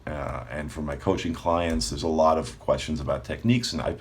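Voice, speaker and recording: A man with a notably low voice talks to his viewers like a personal coach. He keeps it relaxed and chatty, tossing in a quick "right?" every few phrases and breaking into a laugh now and then. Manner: relaxed, conversational, frequent "right?" check-ins, laughs often. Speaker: manifestation coach. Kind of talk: casual talk to camera.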